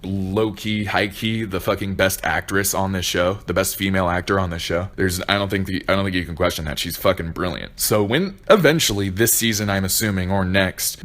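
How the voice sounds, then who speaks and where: Deep-voiced profane young man ranting. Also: a bit bright. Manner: profane, sarcastic, bursts of exasperation. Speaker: video reviewer. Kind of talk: ranting review.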